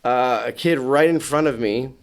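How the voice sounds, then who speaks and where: Man telling a story with loud acted-out voices. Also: mid-range voice, moderate pace. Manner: acts out quotes in loud raised voices. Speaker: BMX show announcer. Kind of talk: animated storytelling. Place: podcast studio.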